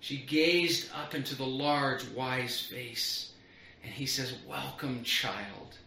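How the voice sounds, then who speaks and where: A middle-aged pastor preaches a sermon in a slow, mid-range voice that is bright and forceful. He speaks earnestly, building momentum through repeated phrases, and the recording has a roomy echo.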